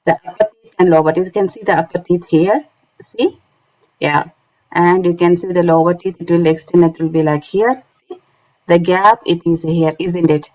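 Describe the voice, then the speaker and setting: A woman's voice: lowish voice, normal speed, a little mellow, low-quality recording. A woman teaching Quran recitation online in English with a non-native accent, explaining step by step and often checking with "isn't it?". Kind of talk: online lesson.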